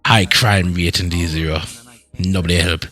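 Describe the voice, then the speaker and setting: Casting: man as a tough young street vigilante, Jamaican patois, bright edgy tone, halting delivery. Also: deep voice, steady tone, soft background music. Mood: easygoing. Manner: halting, restarts words, chuckles often. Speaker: roleplay character. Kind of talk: in-character roleplay chat.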